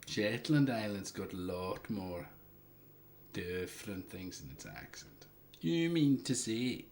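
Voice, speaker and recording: A man's voice: lowish voice, sing-song, takes it slowly, darkish tone, slight background noise. A man from the Isle of Lewis with a Scottish accent, hosting a casual livestream and answering viewer questions in a rambling, hesitant way full of fillers. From Isle of Lewis, Scotland. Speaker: livestream host, hobbyist hardware maker.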